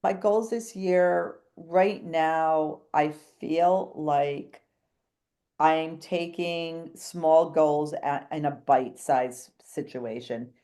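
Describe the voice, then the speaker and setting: A woman talks as a guest on a podcast, telling a long story in a chatty way. Her voice sits on the low side. She jumps from one thought to the next and acts out the people she quotes. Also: fairly even intonation, very slow, dark tone. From New England. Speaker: real estate agent, podcast guest. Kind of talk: animated storytelling in a podcast interview.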